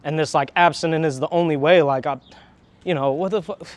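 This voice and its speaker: Frank, profane man with a raised voice. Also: on the high side. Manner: frank, profane, reflective, halting restarts. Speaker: interviewee, harm reduction worker. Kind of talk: candid emotional interview.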